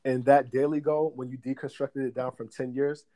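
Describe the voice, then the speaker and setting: Guest spot: young adult man, earnest and explanatory, mid-pitched voice. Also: little pitch movement, moderate pace, warm tone. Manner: earnest, explanatory, with frequent "um" and "you know". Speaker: guest, credit repair business director. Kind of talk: conversational interview answers.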